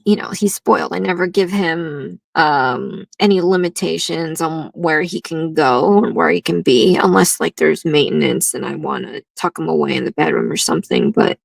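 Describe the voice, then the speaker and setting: A woman's voice: on the low side, gravelly, no echo, poor audio. A woman hosting a nail art livestream, chatting casually in a rambling way and laughing often.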